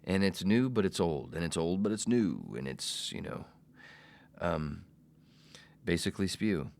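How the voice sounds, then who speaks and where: A man in his forties hosting a solo comedy podcast, brash and self-mocking, swearing freely and swinging between loud bursts and whispers. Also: deep voice, big pitch swings, unhurried, gravelly, a little hiss or hum. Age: 40s. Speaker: podcast host.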